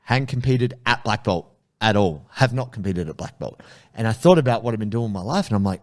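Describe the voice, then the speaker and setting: A man hosting a casual jiu-jitsu podcast chat, telling stories in an animated way and swearing freely. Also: on the low side, brisk. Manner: animated storyteller, swears casually, acts out quotes.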